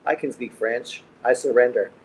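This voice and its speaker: Profane, joking Canadian man, mid-pitch. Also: steady tone, normal speed, darkish tone, a little hiss or hum, poor audio. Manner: profane, blunt, joking banter. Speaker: livestream boxing host. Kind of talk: casual livestream chat reading comments. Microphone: streaming mic.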